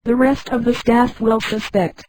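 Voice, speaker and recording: Woman reading a kind young woman hiding a guy, gentle, mellow. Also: fairly high pitch, fairly even intonation, unhurried, no room sound, natural voice, low-quality recording. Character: caring young woman sheltering a fugitive.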